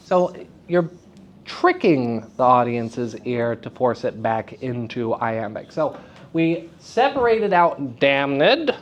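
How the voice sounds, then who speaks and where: A man lecturing acting students at a school workshop, animated and playful, leading them in call-and-response drills. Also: medium pitch, slow, muffled recording, a little hiss or hum. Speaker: acting teacher. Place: school theater festival workshop room.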